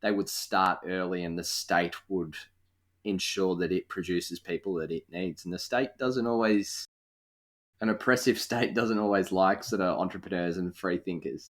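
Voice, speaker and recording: A young Australian man hosts a relaxed interview, talking through his thoughts with plenty of fillers. His voice is very deep. He sounds thoughtful and easygoing. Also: normal speed. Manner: thoughtful, conversational, many fillers. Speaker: podcast host. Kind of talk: casual interview conversation.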